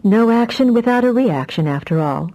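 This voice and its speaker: A woman's voice: a little high, lively intonation, warm tone, voice pushed up. Woman reading as a fiery young telepath. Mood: rueful. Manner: dramatic, quick-tempered.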